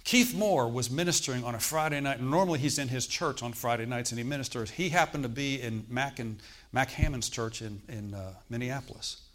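Here the preacher talks fairly quickly at a medium pitch, barely pausing, his tone a bit bright. He tells his personal testimony to the congregation in a conversational style, checking in often with "Okay?"

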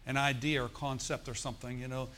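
A man's voice: mid-range voice, fast, a little hiss or hum. A male pastor preaching a sermon, telling stories and asking the congregation for responses. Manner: preaching with call-and-response asides; animated storytelling, acts out forced laughter.

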